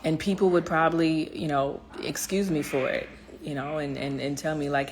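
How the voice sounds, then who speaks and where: Speaking straight to her viewers, a woman delivers a heartfelt, encouraging motivational vlog, filled with fillers and restarts. Her voice sits low, with a steady tone and moderate pace.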